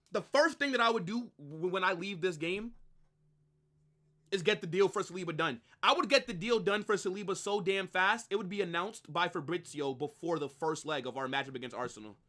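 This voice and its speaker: Hosting a live football watch-along as a fan stream host, a young man rants in exasperation and erupts into shouted bursts. His pitch jumps up and drops down wildly, and his tone is bright and forceful.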